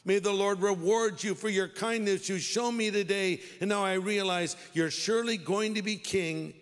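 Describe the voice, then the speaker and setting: A man's voice: sits high, fairly even intonation, normal speed, smooth, in a large hall, close to an everyday voice. A man voicing a remorseful old king who speaks in a tearful, pleading way.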